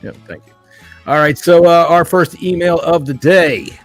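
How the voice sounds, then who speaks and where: A man's voice: on the high side, moderate pace, faint music behind. A man hosting a casual fan podcast, reading listener emails and joking with loose, profane talk. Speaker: podcast host.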